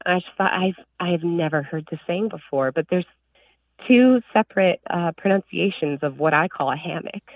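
A woman's voice: fairly low pitch, moderate pace, no room sound, far from the mic. Woman caller on a tinny phone line. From northern Illinois. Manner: animated storyteller, eager. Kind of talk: phone call to a radio show.

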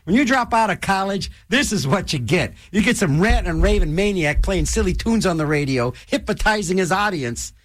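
An older man hosting a radio show, rambling and joking in a loose, animated way in a studio. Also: moderate pace, few pauses, no echo. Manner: animated, rambling, jokey, restless pitch swings. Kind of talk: rambling radio host chat.

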